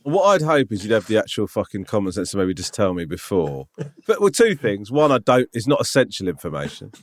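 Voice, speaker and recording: A man's voice: fairly low pitch, very animated, a little fast, no echo, clean studio sound. Self-mocking man in his forties. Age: 40s. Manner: exasperated, self-mocking, swearing. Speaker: podcast co-host. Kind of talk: casual chat.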